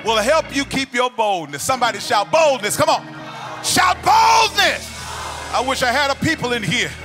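A middle-aged man preaching a sermon in a church. He tells stories and breaks into sung, shouted cadences, with faint music behind him. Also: very high voice, big pitch swings, moderate pace. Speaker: pastor. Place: church sanctuary.

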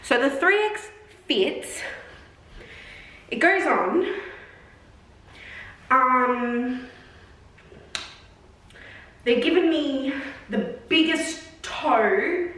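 A woman's voice: high-pitched, expressive, drawn-out words, pauses often, fairly bright tone, roomy sound, distant mic, slight background noise, low-quality recording. A woman in her twenties filming a casual try-on vlog, chatty and exasperated, with lots of filler words. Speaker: vlogger.

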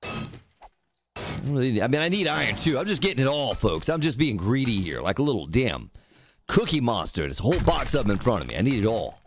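Lively joking male game streamer. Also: medium pitch, brisk, a little hiss or hum. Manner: joking, teasing chat viewers by name. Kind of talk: casual gameplay livestream commentary.

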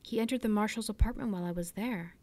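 A woman's voice: mid-range voice, fast talker, a little mellow, voice pushed up, close to an everyday voice. A woman reading aloud, voicing an earnest young male ship's mate with a respectful, plainspoken manner.

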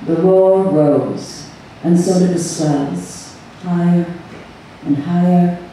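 A woman reading her own story aloud to a live audience, measured and unhurried. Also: fairly low pitch, steady tone, warm tone, slight background noise. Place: event room on a cruise ship. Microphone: far audience camera. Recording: echoey hall recorded from far off.

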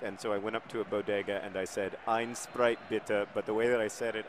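A man's voice: lowish voice, a little hiss or hum. Man rambling through jokey game commentary. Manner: rambling, jokey, deadpan asides. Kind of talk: casual gameplay commentary.

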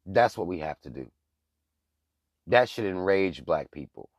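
Deep-voiced man ranting bluntly. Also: expressive, measured pace, dry recording, studio quality. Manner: blunt, profane and heated. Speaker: channel host. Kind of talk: casual political commentary rant.

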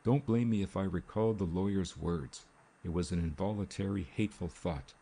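A man voices a calm young woman speaking evenly and without emotion. The voice stays deep, dark, and gravelly in the style of an audiobook. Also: normal speed, heavily acted. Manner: calm, even.

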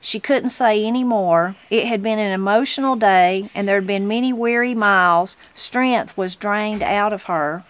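A woman from Southern Appalachia reading a novel aloud in an unhurried way, gently voicing the characters. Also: medium pitch, clean tone. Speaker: reader of a book.

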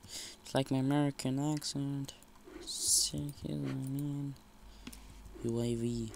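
A man giving casual, excitable commentary over a shooter game, jumping from shouts to muttered whispers. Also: medium pitch, takes it slowly, creaky, pauses often, a little hiss or hum. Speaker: gamer commentator.

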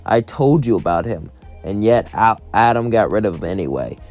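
A man voicing a weary, bitter female demon queen who speaks low and subdued. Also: lively intonation, moderate pace, darkish tone, soft background music, natural voice.

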